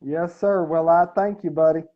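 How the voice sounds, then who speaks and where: A man hosts a live online show, chatting casually with his guest and the viewers. His voice sits a little higher than most men's. The audio is dull and lo-fi. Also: steady tone, moderate pace. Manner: friendly, says buddy and sir. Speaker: show host. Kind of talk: casual interview hosting.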